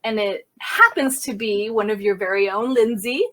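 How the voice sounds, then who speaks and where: A woman's voice: mid-range voice, bright, forceful tone. Woman CSI retelling a shooting. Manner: vivid retelling, quick restarts and self-corrections. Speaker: crime scene investigator, podcast guest. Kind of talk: personal storytelling in conversation.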